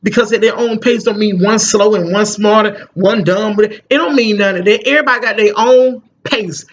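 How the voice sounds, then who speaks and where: A woman's voice: medium pitch, moderate pace, highs cut off, a little hiss or hum. A middle-aged mother talking casually to the camera, emphatic and rambling, often repeating "you know what I'm saying.". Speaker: parent vlogger.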